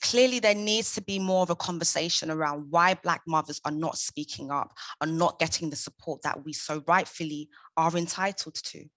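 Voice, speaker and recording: Forceful woman giving an impassioned talk. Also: sits low, normal speed, hardly any pauses, no room sound. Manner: impassioned, emphatic, rhetorical questions. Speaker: conference speaker, founder of a maternal support group. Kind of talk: prepared conference talk.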